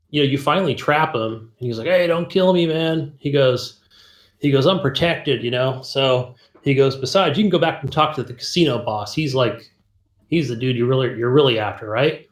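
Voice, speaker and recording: A man's voice: mid-range voice, echoey room. A man co-hosting a podcast, telling a rambling, laughing story about a video game and acting out its dialogue. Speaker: podcast co-host. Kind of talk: casual gaming chat.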